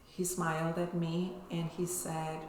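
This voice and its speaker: A woman's voice: on the low side, little pitch movement, unhurried, darkish tone, a little hiss or hum. A woman telling her personal story as an interview guest, emotional and often ending sentences with "right?". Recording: echoey room.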